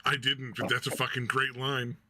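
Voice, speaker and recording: A man's voice: medium pitch, little pitch movement, moderate pace, noisy background. A man co-hosting a podcast, chatting crudely with lots of swearing and laughter, acting out the people he quotes. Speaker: podcast co-host. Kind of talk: crude casual chat.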